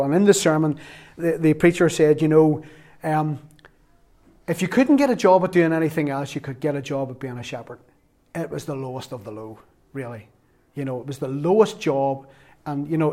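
A male pastor delivers a sermon in a somewhat high-pitched voice. He speaks with emphasis and circles back to repeat his key phrases for weight. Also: darkish tone. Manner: emphatic preaching with repetition.

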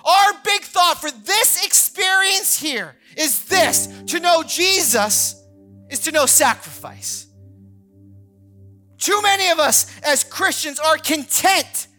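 A man in his thirties, a pastor, preaching a sermon that opens with a personal story, animated and acting out the people he quotes. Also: very high voice, takes it slowly, faint music behind. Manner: animated storyteller, acts out quoted voices, many fillers like "like".

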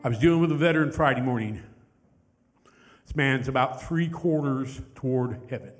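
A man leading a congregation in hymns, who pauses to tell a story in a soft, heartfelt voice that sinks very quiet. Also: mid-range voice. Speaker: worship leader and chaplain. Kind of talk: hymn leading with spoken testimony. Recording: reverberant hall with loud music.

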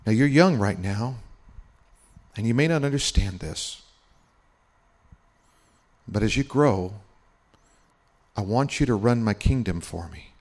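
A man voicing a tender, loving Jesus who speaks softly and gently to a child during a guided meditation. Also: on the low side, expressive, takes it slowly, long pauses. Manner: soft, hushed and gentle.

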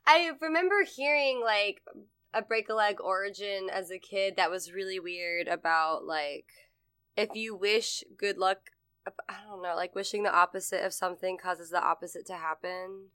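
A woman's voice: medium pitch, moderate pace, bright, forceful tone, smooth. A young woman co-hosting a casual podcast chat, rambling and swearing freely with frequent laughs. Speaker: podcast co-host.

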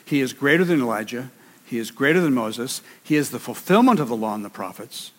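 A man's voice: medium pitch, lively intonation, brisk, a bit bright. A man preaching a sermon with emphasis, repeating key phrases for weight. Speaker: pastor. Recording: reverberant hall.

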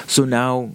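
A man with a mid-range voice tells a rambling, casual story, swearing freely and filling it with "like" and "um." There is a noisy background behind him.

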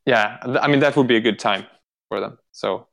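A man's voice: medium pitch, brisk, creaky, a bit bright. Swedish male podcast host, loose and rambling, swears freely, many fillers. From Sweden. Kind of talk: casual chat.

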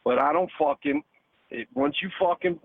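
A man's voice: sits high, very animated, moderate pace, creaky, no room sound. A man rants into a call-in show over a thin phone line, his voice narrow and tinny. He swears constantly and hammers the same points again and again, tacking "man" or "dude" onto nearly every phrase. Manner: profane, repetitive, ends phrases with "man" and "dude". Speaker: caller. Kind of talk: heated call-in rant.

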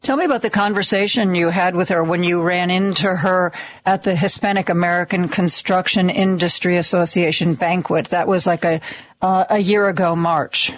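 A woman's voice: fairly low pitch, fairly even intonation, moderate pace. A woman radio host asking a guest a conversational question. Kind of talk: interview question.

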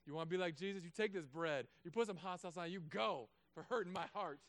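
A male pastor delivers a sermon at church with a relaxed, jokey manner, alternating hushed asides with loud bursts of emphasis. He speaks fast in a high voice.

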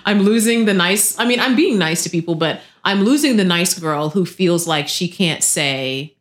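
Thirties woman podcast cohost, lowish voice, animated storytelling, casual chat. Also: normal speed, few pauses. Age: 30s. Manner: animated storyteller, acts out quotes with pitch jumps. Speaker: podcast co-host.

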